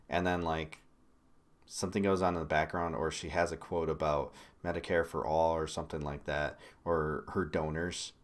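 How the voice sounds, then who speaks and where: A man from Michigan hosting a political commentary livestream. He talks bluntly and swears often, with sudden loud bursts between quieter asides. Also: sits low, steady tone, normal speed. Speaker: livestream host.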